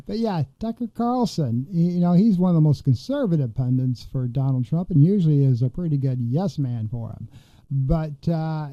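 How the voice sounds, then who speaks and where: A man's voice: medium pitch, dry recording, lo-fi sound. A man hosting a political commentary podcast, talking in a rambling, indignant way with many fillers and restarts. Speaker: podcast host.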